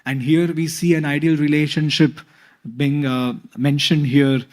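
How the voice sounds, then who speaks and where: A man's voice: a little high, flat delivery, measured pace, darkish tone. Hesitant man giving a scripture talk. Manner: hesitant, many fillers. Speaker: spiritual speaker.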